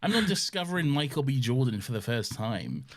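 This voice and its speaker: A man's voice: medium pitch, very animated, brisk. A man co-hosting a casual film chat, blunt and teasing and swearing freely. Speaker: podcast co-host.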